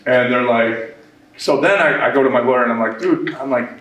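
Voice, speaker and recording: A man who owns a business addresses a workshop audience, talking a little fast in a mid-range voice as he rambles animatedly through the story of his start, restarting often and quoting others. The recording comes from a distant mic in a reverberant room.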